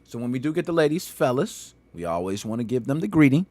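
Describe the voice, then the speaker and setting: A man hosting a casual gaming podcast, talking in animated, slangy banter and laughing often. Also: mid-range voice, quick pace, no room sound. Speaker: podcast host.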